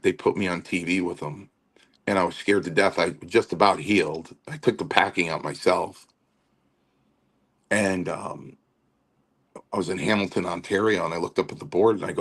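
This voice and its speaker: A man telling stories in casual chat as a guest, acting out quotes with animation. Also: deep voice. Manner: animated storyteller, acts out quotes. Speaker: wrestling podcast guest.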